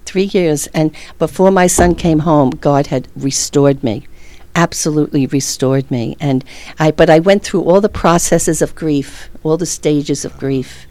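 A woman's voice: sits low, measured pace, warm tone. A middle-aged woman earnestly telling a personal faith story, often laughing as she speaks. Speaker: guest.

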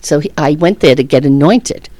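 A woman's voice: sits low, moderate pace, dark tone, dry recording. A middle-aged woman earnestly telling a personal faith story, often laughing as she speaks. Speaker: guest.

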